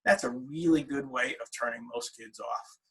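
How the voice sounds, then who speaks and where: A man's voice: medium pitch, moderate pace, a bit bright, slightly rough, poor audio. A middle-aged man, a wrestler's father, telling stories in a casual interview, with many fillers and restarts.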